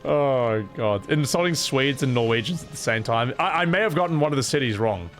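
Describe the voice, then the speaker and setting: A young man casually commentating his first playthrough of a game, excitable and self-mocking, laughing and swearing as he goes. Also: mid-range voice, fairly quick, soft background music. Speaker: streamer voicing game characters. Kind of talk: casual let's-play commentary.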